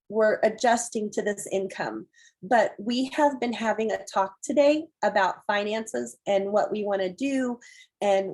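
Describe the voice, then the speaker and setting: Husky-voiced chatty woman. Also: mid-range voice, low-quality recording. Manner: chatty and excitable, acts out her own reactions. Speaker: team member giving a testimony. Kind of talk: casual testimony on a video call. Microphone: video call.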